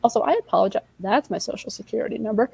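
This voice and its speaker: A woman in her twenties races through a casual livestream chat as co-host, candid and self-deprecating, rambling and regularly losing her thread. Her voice sits on the high side with vocal fry and a slightly mellow quality, and the rough recording has slight background noise.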